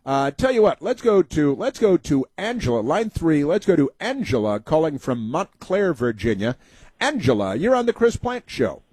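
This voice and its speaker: A man's voice: fairly high pitch, sing-song, moderate pace, darkish tone, slightly rough, no room sound. A man hosting a talk radio show, delivering a sarcastic, mocking monologue full of filler "uh"s into a studio microphone.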